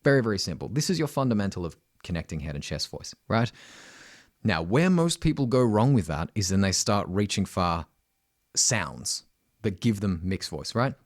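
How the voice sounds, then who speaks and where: A middle-aged Australian man teaching singing, talking directly and often asking "right?", breaking into loud high sung demonstrations. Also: big pitch swings, moderate pace, dry recording, studio quality.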